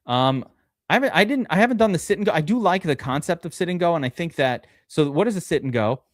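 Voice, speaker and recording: Animated man talking fantasy football. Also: fairly high pitch, quick pace, dry recording, studio quality. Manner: animated, rambling with restarts. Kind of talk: casual live-stream chat.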